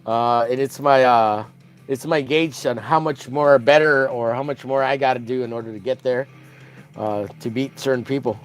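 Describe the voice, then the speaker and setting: A man's voice: mid-range voice, steady tone, moderate pace, smooth, soft background music. A man hosting a casual drawing livestream, joking crudely and greeting viewers by name as he works. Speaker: livestream host.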